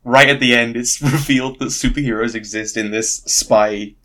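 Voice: medium pitch, steady tone, normal speed, a bit bright. A podcast co-host chatting casually, rambling and ranting with a lot of swearing. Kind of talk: casual chat.

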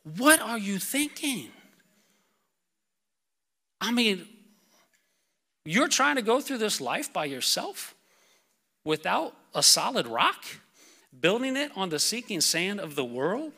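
A man preaching a sermon to his church, reading scripture and speaking casually with lots of fillers, getting excited and then calming down. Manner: excitable, casual fillers, builds to shouts then drops low. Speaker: pastor.

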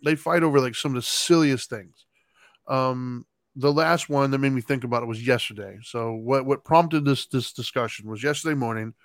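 A man's voice: medium pitch, normal speed, no room sound. A middle-aged man telling a story in a casual chat, laughing as he goes and acting out other people's lines. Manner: animated, laughs while telling, acts out his kids' lines. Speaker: podcast co-host.

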